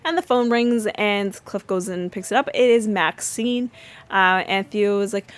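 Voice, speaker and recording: A woman's voice: medium pitch, measured pace. Chatty woman podcast host. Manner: chatty, many fillers and restarts, lively retelling. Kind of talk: casual episode recap.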